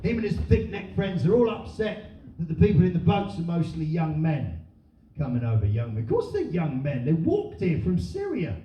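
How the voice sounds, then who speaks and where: Sardonic, animated British stand-up comedian. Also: male voice, a little high, moderate pace. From Britain. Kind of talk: live stand-up set. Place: comedy venue with audience. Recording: roomy live venue miked from far, dull.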